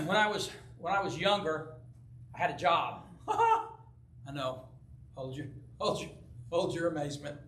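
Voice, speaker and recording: An older pastor tells a story from the pulpit in a folksy way and acts out the voices of the people in it. His voice sits high and sounds bright. He is heard from a distance in an echoey church. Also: moderate pace, slight background noise. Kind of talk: sermon with personal story. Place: church sanctuary.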